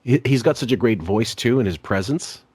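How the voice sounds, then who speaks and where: A man's voice: medium pitch, lively intonation, a little fast, darkish tone, slightly rough, no room sound. A man co-hosting a podcast, chatting casually and cracking profane jokes. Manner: joking, profane, laughs often. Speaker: podcast co-host.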